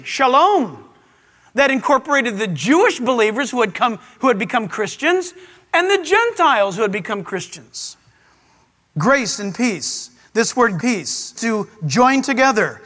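A man preaching a sermon to a live audience in a large auditorium, animated, with playful asides. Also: very high voice, big-room sound. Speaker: pastor.

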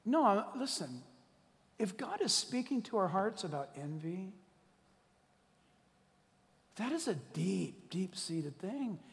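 A man preaching a sermon to his church, animated and joking, swinging between loud declarations and hushed asides. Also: high-pitched, slow pace, gravelly, long pauses, long reverb tail. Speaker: pastor. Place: church hall.

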